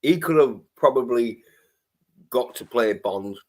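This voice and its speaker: A man's voice: medium pitch, expressive, a little slow. A man with a Scottish accent, a panel guest in casual chat, rambling and swearing freely as he talks.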